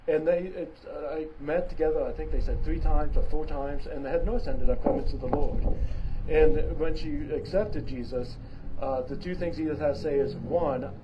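Man preaching a lively, emphatic sermon. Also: a little high, normal speed. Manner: emphatic preaching with big swings in loudness; conversational with fillers and restarts. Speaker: pastor. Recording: dull lo-fi sound with clear background noise.

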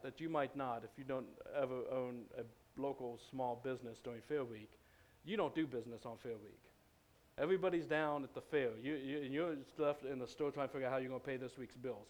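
A man preaching in a church, telling a story in a loose, conversational way, with many fillers and restarts. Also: mid-range voice. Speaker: pastor. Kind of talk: storytelling sermon.

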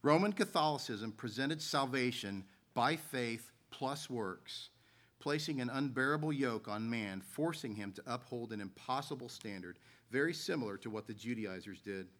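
Bright-voiced male preacher. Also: mid-range voice, normal speed. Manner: earnest, storytelling preacher who reads scripture aloud. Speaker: pastor. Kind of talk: sermon.

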